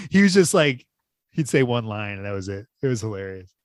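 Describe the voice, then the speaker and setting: A man's voice: on the low side, normal speed, dry recording, studio quality. A man co-hosting a movie podcast in casual chat, enthusiastic and swearing freely. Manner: enthusiastic, swears freely, quotes people in animated voices. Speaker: podcast co-host.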